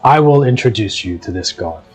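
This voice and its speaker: A man voicing a stern, zealous male orc prison warden who speaks in a slow, solemn, menacing way. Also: fairly low pitch, lively intonation, slightly rough, soft background music.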